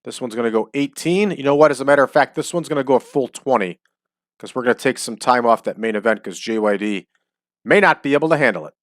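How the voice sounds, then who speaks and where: A man's voice: mid-range voice, lively intonation, no echo, clean studio sound. Chatty man hosting a wrestling sim. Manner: chatty, drawn-out hype calls. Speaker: wrestling sim game host. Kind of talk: casual game commentary.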